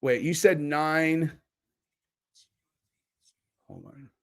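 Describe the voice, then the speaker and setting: Man, livestream host, casual chat, rambling, swears a lot, a bit higher voice. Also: very slow. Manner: profane, rambling and excitable, with many restarts.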